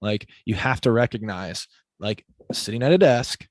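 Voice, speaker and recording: A man's voice: on the low side, moderate pace, no room sound. Upbeat man, dry close sound. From Illinois. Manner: energetic, enthusiastic, heavy use of "like", laughs often. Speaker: fitness coach, podcast guest. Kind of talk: casual podcast conversation.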